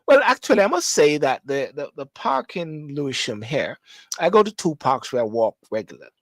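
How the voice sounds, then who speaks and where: A man's voice: on the high side, sing-song, normal speed, dry recording. A man who grew up in Jamaica, with a Jamaican accent, hosting a show with a casual, rambling monologue full of restarts and repetition. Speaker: host. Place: London.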